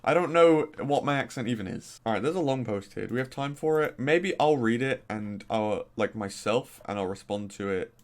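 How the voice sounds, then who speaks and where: A man's voice: mid-range voice, animated, normal speed, hardly any pauses. A young man with a faint Norfolk accent rambles through a casual gaming commentary. He speaks in a mid-range voice, full of fillers and little exclamations, chatty and unscripted. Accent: mild Norfolk English. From Norfolk, England. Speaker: gaming YouTuber. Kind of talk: casual commentary reviewing posts.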